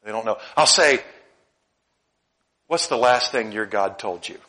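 Male pastor, middle-aged, bright forceful tone, lively sermon delivery with loud and quiet swings. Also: on the low side, a little slow. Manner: animated preaching, swings between loud emphasis and soft asides.

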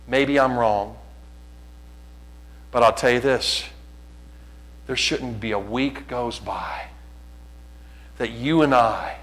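A male pastor preaching a sermon, earnest and pleading, acting out conversations in animated bursts. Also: medium pitch, slow pace, long pauses, rough recording.

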